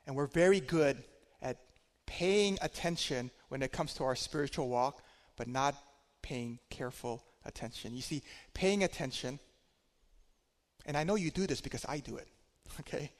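A man preaching a sermon, telling a personal story in a conversational way, swinging between loud and quiet. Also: medium pitch, moderate pace, big-room sound.

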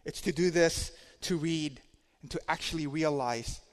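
A man preaching a sermon, telling a personal story in a conversational way, swinging between loud and quiet. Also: fairly high pitch, unhurried, long reverb tail.

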